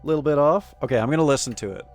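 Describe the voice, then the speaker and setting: Joking male streamer, slightly high voice. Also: very fast, soft background music. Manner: chatty, joking, reads game text and chat aloud. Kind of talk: casual live-stream chat while gaming.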